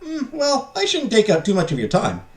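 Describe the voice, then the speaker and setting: A man voicing a peppy, excitable young man, reading game dialogue aloud in an upbeat, lilting voice. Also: high voice, normal speed, pitched above the performer's own voice, full character voice. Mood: cheerful. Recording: echoey room.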